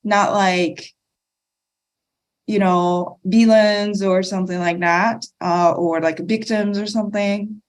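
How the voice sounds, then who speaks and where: Slow, measured woman. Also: medium pitch, fairly even intonation. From Okinawa, Japan. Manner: slow, thoughtful, measured explaining. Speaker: guest speaker. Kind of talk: podcast panel discussion.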